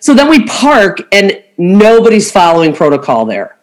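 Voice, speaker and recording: A woman's voice: medium pitch, very animated, normal speed. A middle-aged woman, a travel agent and podcast host, chatting casually and acting out the quotes in her travel stories. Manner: chatty storyteller, acts out quotes. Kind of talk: casual chat.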